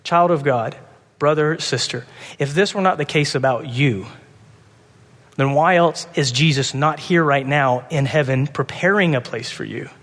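A man preaching a sermon with passion, swinging between urgent, loud pleading and soft, hushed moments. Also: fairly high pitch, measured pace, big-room sound. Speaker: pastor.

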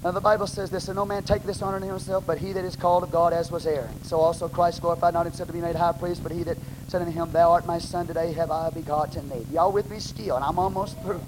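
A man with a Texan accent, preaching a sermon as pastor in a blunt, plain-spoken way, bursting into shouts. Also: on the high side, steady tone, quick pace, few pauses. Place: church sanctuary. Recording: noisy live church recording.

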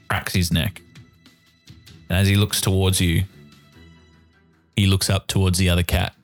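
Over faint music, a man with a low voice acts as game master for a tabletop game. He describes the scene deliberately and in detail.

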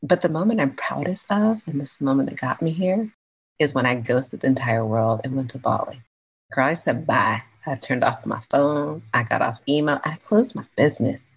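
Woman, podcast guest, from California, deep-toned, breathy, chatty storyteller. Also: moderate pace, poor audio. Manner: chatty, slangy, animated storyteller. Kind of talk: casual interview storytelling.

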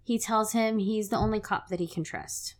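A woman co-hosting a casual podcast, chatting in a relaxed way and often backing up her partner with "mm-hmm". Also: medium pitch, moderate pace. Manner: relaxed, frequent "mm-hmm" backchannels. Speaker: podcast co-host. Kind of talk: casual chat.

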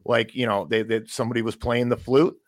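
A man's voice: medium pitch, flat delivery, brisk, noisy background. Hesitant man sharing political opinions. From United States. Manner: hesitant, repeats words, rises when emphatic.

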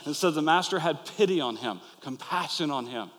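A pastor preaching an earnest, animated sermon to his listeners, acting out the quoted lines. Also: on the high side, brisk. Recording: long hall reverb.

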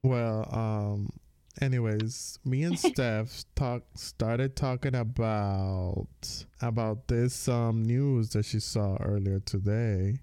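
Slow-talking podcast host. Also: male voice, lowish voice, dark tone, smooth, dry recording. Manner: slow, halting, with fillers. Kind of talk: casual chat.

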